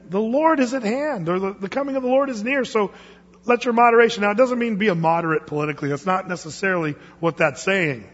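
In a church sanctuary, a pastor with a high, fairly quick, fairly bright voice preaches to his congregation in a conversational, joking way, asking them questions. The recording sounds echoey, dull, and lo-fi.

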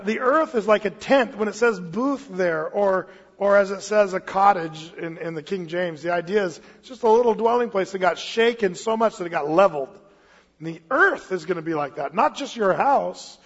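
A man preaching a casual expository sermon as pastor, mixing scripture reading with relaxed storytelling. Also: high-pitched, normal speed, husky. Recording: muffled hall with long reverb.

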